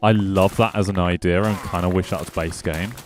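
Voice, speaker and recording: A man's voice: deep voice, fairly even intonation, brisk, noisy background. A man giving casual, rambling gameplay commentary as a streamer, chatting back to his viewers with playful jabs. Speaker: gaming streamer.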